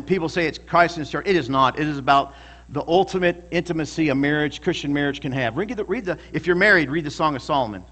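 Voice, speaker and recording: A man's voice: on the high side, a bit bright. A male pastor preaching a sermon in a church, emphatic and calling out to the congregation for responses.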